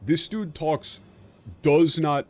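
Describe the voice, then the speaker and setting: A male streamer explains a game's lines at length, in a loose and chatty way. He gets animated and swears often, talking into a streaming mic. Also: a little high, slow. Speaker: streamer translating a game. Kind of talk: casual game commentary.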